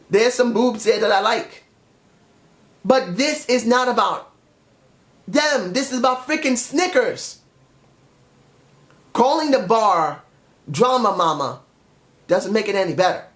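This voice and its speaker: Vlogger, male, high voice, frustrated swearing rant. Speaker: wrestling show reviewer. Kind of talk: angry vlog rant.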